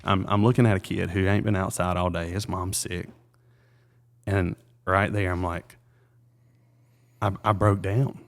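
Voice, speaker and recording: A man in his thirties, a realtor being interviewed, telling a personal story in an earnest, halting way with many fillers and restarts. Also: deep voice, little pitch movement, vocal fry. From South Carolina.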